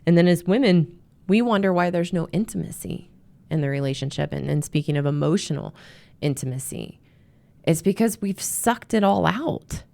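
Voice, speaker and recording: A woman's voice: fairly low pitch, lively intonation, moderate pace, vocal fry, mellow. A woman host and marriage coach giving earnest advice, often repeating words as she restarts. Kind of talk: advice talk to camera.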